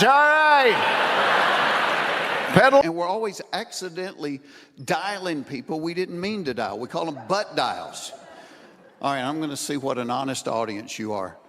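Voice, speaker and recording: A man doing stand-up, telling a long story and acting out the quoted lines, sometimes building to shouted punchlines. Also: high voice, a little hiss or hum. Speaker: stand-up comedian. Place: stage in front of a live audience. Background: audience laughter.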